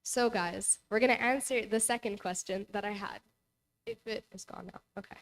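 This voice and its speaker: A young woman leads a relaxed Bible lesson in a church hall. She retells the story casually, leaning on "like" and "you know" as she goes. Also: mid-range voice, normal speed. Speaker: Bible study presenter.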